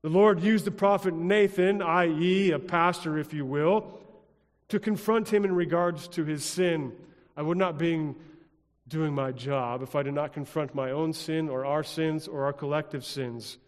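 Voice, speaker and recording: A pastor delivering a sermon in a rhythmic, repetitive style, dropping at times to a hush. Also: male voice, on the high side, measured pace, big-room sound. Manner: rhythmic, repetitive preaching with dramatic drops to a hush.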